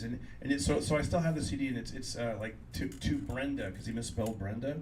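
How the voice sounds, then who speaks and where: A middle-aged man from Fresno, California, doing live stand-up and telling animated stories in which he acts out voices. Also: medium pitch, fast talker, distant mic, slight background noise. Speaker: stand-up comedian and guest.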